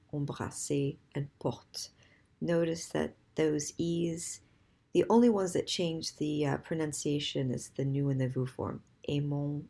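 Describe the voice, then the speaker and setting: A woman's voice: low voice, vocal fry, a little mellow. A woman teaching a recorded grammar lesson, patiently spelling out word endings letter by letter and counting to three before giving each answer. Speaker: French teacher.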